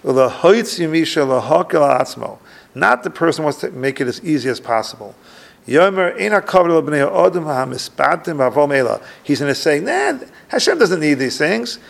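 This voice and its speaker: Male rabbi teaching a class; gravelly, lively delivery, reads and translates texts. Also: a little high, brisk. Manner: reads Hebrew lines and translates each; thinks aloud with restarts. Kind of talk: religious lecture with text reading.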